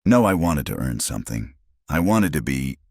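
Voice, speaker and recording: A man's voice: rumbling low, big pitch swings, moderate pace, vocal fry, no room sound, studio quality, heavily acted. A man voicing a desperate young woman from a rich family, pleading through tears, in an audio story. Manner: pleading, tearful.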